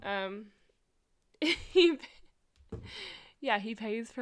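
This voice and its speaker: Young woman, smooth clear voice, rambling casual storytelling, swears and laughs a lot. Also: medium pitch, animated, takes it slowly, pauses often. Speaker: vlogger.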